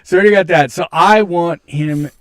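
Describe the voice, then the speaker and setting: A man in casual commentary, animated and exasperated, swearing freely. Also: on the high side, brisk, no room sound, clean studio sound.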